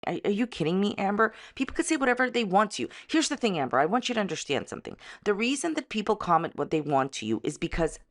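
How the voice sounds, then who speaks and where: Woman, YouTube commentator, sarcastic and catty, very animated pitch, casual rant. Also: quick pace, few pauses. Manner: sarcastic, catty, repeats a running gag.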